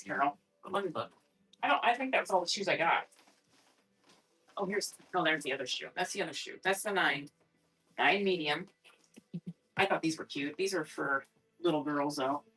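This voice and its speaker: A woman's voice: lowish voice, fairly bright tone, slightly rough. Chatty woman selling live online. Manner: chatty, rambling, thinks aloud while checking sizes. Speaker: online reseller selling on a live shopping app. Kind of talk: casual live-stream selling chat.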